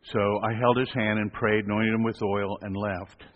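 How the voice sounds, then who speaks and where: A man, a hospital chaplain, telling a story in an animated storytelling sermon and acting out voices. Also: fairly low pitch, moderate pace. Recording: echoey hall, dull lo-fi sound.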